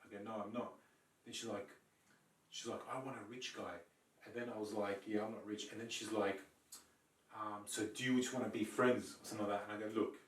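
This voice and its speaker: A man's voice: fairly low pitch, a little fast. Man telling a story, swearing freely. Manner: animated, swearing, acts out quoted lines. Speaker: podcast co-host. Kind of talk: casual storytelling chat. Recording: roomy, mic a bit distant.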